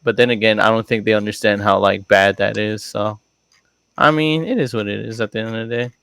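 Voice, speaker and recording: A man, a podcast guest who streams, talking in a casual chat, animated and swearing as he jumps from topic to topic. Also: on the low side, fairly quick, gravelly, clean tone, no echo.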